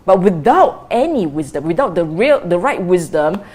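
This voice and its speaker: A woman's voice: lowish voice, very animated, moderate pace, a little mellow. A woman teaching as a Buddhist meditation teacher in a dharma talk, repeating key phrases and asking rhetorical questions.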